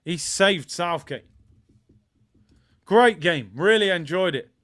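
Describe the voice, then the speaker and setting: A man hosting a football watch-along stream, excitable and slang-heavy, often shouting. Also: high voice, takes it slowly. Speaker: streamer host.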